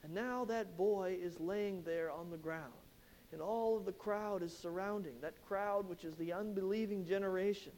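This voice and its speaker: A man's voice: sits high, moderate pace, a little mellow, slight background noise. A man preaching an expository sermon, retelling a Bible passage with emphatic storytelling and rhetorical questions.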